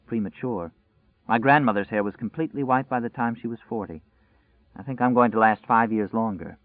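A man's voice: medium pitch, brisk, no echo, natural voice. A man voicing a wistful, guarded schoolteacher woman. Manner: soft, wistful and restrained. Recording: dry, tinny phone-like sound.

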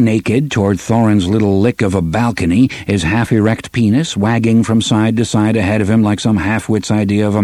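A man reading a gritty novel aloud in steady, measured audiobook narration. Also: fairly low pitch, breathy edge, dry recording. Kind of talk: scripted narration.

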